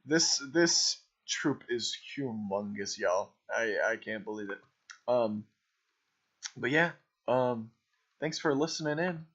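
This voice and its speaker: A man's voice: medium pitch, expressive, slow, fairly bright tone, husky. A man coaching an improv troupe, casually commenting over a video of their scene in a rambling way, full of ums and "right?". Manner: rambling, filler-heavy, keeps asking "right?". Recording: dull lo-fi voice recording.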